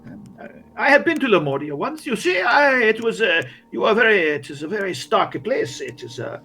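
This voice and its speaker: A man's voice: high voice, big pitch swings, normal speed, sharp tone, husky, faint music behind, pitched above the performer's own voice, heavily acted. A man voicing a nervous, arrogant nobleman with a very posh accent who chatters without stopping. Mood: haughty. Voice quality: talks incessantly, arrogant.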